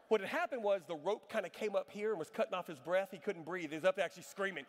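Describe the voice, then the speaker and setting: A middle-aged male pastor with a notably high voice delivers a sermon in a large church hall, his words trailing off into a long reverb. He tells stories with lively humor and preaches with emphatic, rhetorical questions to the congregation. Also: fast, few pauses. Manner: animated, humorous storytelling. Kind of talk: sermon with a personal story. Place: church sanctuary.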